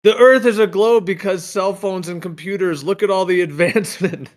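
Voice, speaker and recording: A man in casual podcast chat, speaking in a low-key, dry way that trails off quietly. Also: moderate pace.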